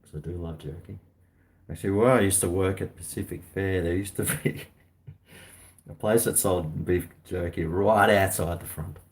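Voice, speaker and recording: Australian male streamer, middle-aged, slangy and rambling, voice sits a bit low. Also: fairly even intonation, moderate pace, creaky. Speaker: livestream host. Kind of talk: casual livestream chat.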